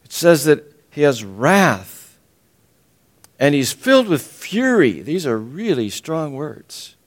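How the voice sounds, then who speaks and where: A man preaching a sermon and teaching from the Bible, emphatic, repeating his phrases, often clearing his throat and chuckling. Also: on the high side, very animated, takes it slowly.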